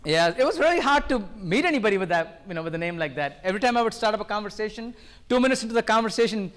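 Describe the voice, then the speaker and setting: An older man from India doing a loud, fast-talking live stand-up routine, joking with the crowd at a variety show. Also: high-pitched, lively intonation. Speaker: stand-up comedian.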